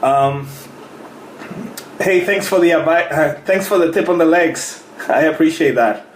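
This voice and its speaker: A man, a fitness coach, chatting casually on a live stream, greeting viewers by name and laughing often. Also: fairly high pitch. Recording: roomy echo with faint noise.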